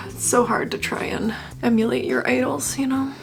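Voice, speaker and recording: A woman's voice: fairly high pitch, steady tone, unhurried, creaky, faint music behind. A young woman in her twenties chatting casually through a makeup attempt, self-deprecating, swearing freely and slipping into mock-dramatic wails. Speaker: beauty vlogger.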